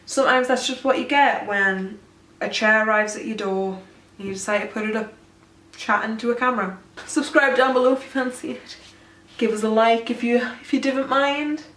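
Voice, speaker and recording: On the high side and a bit bright, a young woman's voice moves at a moderate pace. In a casual storytime vlog filmed at home, she rambles and jokes at her own expense, with a distant mic giving a roomy sound.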